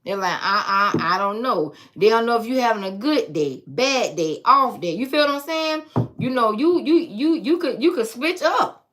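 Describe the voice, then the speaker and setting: A woman's voice: high voice, a bit bright. A woman giving a blunt, sassy tarot reading to her viewers, talking in a teasing, profane way. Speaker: tarot reader.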